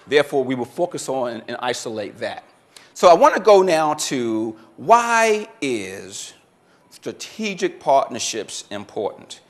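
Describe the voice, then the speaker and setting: A man giving a motivational seminar talk as keynote speaker, quizzing the audience and repeating their answers back to them. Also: mid-range voice. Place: conference room with a live audience.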